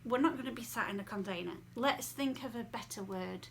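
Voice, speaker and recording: A woman's voice: fairly high pitch, fairly quick, vocal fry, a bit bright, slight background noise. A woman talking casually to camera as a vlogger at home, chatty and rambling with many fillers. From England.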